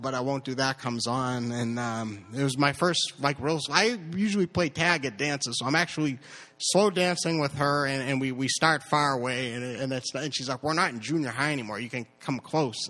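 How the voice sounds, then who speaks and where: A man telling a personal story live, stammering and repeating words, with lively impressions of others. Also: medium pitch.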